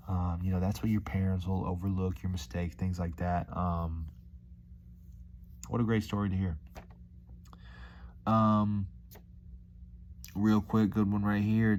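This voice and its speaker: A man's voice: lowish voice, a little mellow. A man talking casually in a rambling, laid-back vlog monologue, calling the listener dude and man. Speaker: vlogger.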